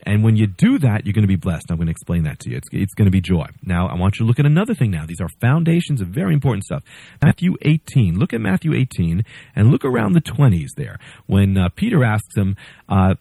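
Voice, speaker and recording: Male preacher, husky, low-pitched, lively delivery, casual sermon with restarts, dry sound. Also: fast talker, no room sound. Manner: conversational, acts out story voices, frequent restarts.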